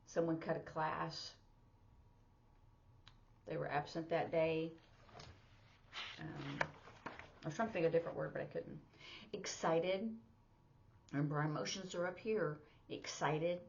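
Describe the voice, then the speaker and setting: A woman with a lowish voice gives a relaxed, chatty lesson, explaining each sign one step at a time and pausing on "um" as she thinks. The recording sounds dull and lo-fi. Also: creaky. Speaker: sign language teacher. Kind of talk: casual instructional lesson.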